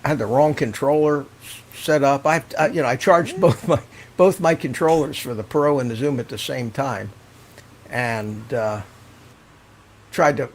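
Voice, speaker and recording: A man's voice: mid-range voice, normal speed, a little hiss or hum. An older man hosting a live stream, chatting casually and rambling, often laughing as he reads out viewer comments.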